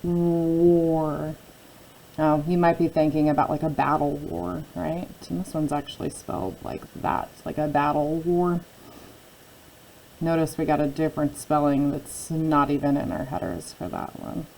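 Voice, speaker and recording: A woman with a low, gravelly voice takes a phonics spelling lesson slowly. She is patient and repeats every word several times. She asks the listener questions as she goes. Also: flat delivery, dark tone, slight background noise, poor audio. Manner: slow, patient, repeating words and asking questions. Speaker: teacher.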